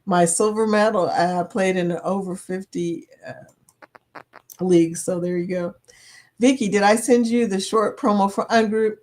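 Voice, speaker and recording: A woman's voice: medium pitch, steady tone, unhurried, a little mellow. A woman in her fifties hosting a casual live chat, reading viewer comments aloud, laughing often and playful. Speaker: livestream host.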